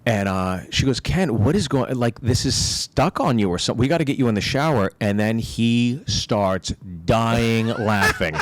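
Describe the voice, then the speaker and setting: A middle-aged American man co-hosting a podcast, telling family stories with lively acted-out voices. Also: medium pitch, fairly quick, hardly any pauses, dry recording. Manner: animated storyteller, acts out family voices. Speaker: podcast co-host. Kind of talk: casual comedic chat.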